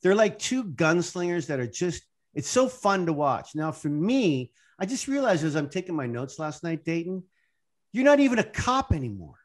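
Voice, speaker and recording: A man's voice: on the high side, sing-song, normal speed. A man co-hosting a podcast, chatting casually in an effusive, teasing way with plenty of swearing. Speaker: podcast co-host. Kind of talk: casual chat.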